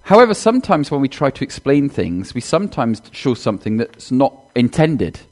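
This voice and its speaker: A man's voice: mid-range voice, sing-song, normal speed, darkish tone. A man giving a chatty sermon in a church, talking directly to the congregation and acting out a children's talk. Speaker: minister.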